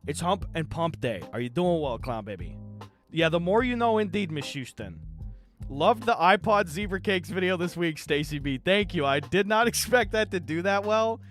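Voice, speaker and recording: A man chatting casually on a live stream, animated, jokey and full of swearing. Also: high voice, moderate pace, faint music behind.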